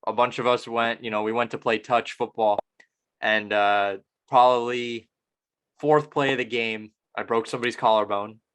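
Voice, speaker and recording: A man's voice: mid-range voice, fairly even intonation, moderate pace, a bit bright, smooth. Sex: man. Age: 20s. Role: podcast host. Style: casual chat. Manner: rambling, self-deprecating storytelling.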